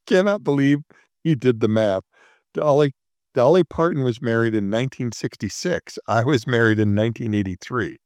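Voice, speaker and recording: A man's voice: medium pitch, moderate pace, darkish tone, dry recording. Dry-humored man in his sixties. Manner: dry, self-mocking storyteller. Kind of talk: casual chat.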